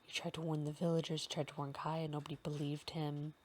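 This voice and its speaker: A woman hosting a casual fanfic recap, rambling with many fillers and often slipping into a soft half-whisper. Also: deep voice, little pitch movement, quick pace, a little hiss or hum. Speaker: podcast host recapping a fanfic.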